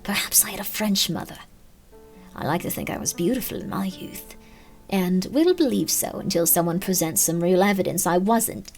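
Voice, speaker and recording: A woman voicing an ancient, decaying old shopkeeper woman with a put-on British accent, speaking low and half-whispered. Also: animated, moderate pace, gravelly, darkish tone, soft background music. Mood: musing.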